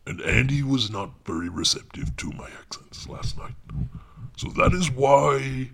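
A man in a deadpan comedy monologue, talking awkwardly and defensively as an audiobook narrator, often dropping into hushed asides. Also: mid-range voice, a little slow, creaky.

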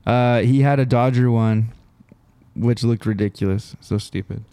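A man's voice: medium pitch, steady tone, a little slow, warm tone, clean tone. A young man co-hosting a podcast in casual, rambling chat. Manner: laid-back, rambling with restarts. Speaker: podcast co-host.

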